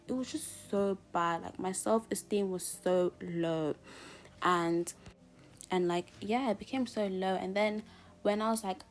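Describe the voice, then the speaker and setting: A woman's voice: lowish voice, darkish tone. Chatty young woman from Zimbabwe. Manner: casual, fills speech with "like" and talks straight to "guys". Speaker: vlogger. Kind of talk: candid personal storytelling. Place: at home, doing her makeup.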